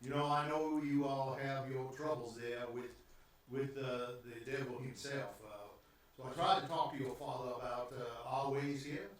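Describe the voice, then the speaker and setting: A man voicing a big, gray-haired older baron with a Southern drawl, speaking slowly and courteously with many pauses. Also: on the high side, lively intonation, a bit bright, echoey room, far from the mic, a little hiss or hum. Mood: condescending. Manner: slow, courteous, halting speech.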